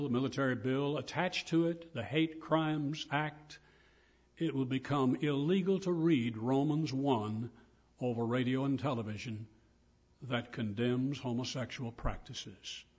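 A man's voice: medium pitch, husky, highs cut off. An older man preaching a sermon, earnest and emphatic as he quotes and explains scripture.

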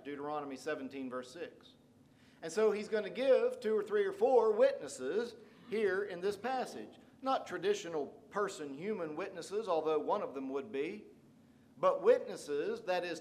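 A male pastor, his voice sitting a touch higher than most men's. He preaches through a scripture passage, reading verses aloud and then pressing their point home with growing emphasis. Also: darkish tone. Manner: expository preaching, reads scripture aloud and paraphrases it with rising emphasis. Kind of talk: sermon.

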